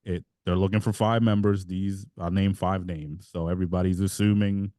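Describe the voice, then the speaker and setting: A man's voice: sits low, steady tone, normal speed, dark tone, clean tone, dry recording, studio quality. A man co-hosting a podcast in casual chat, telling a rambling story and laughing as he goes. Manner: rambling, self-interrupting storyteller who laughs mid-sentence. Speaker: podcast co-host.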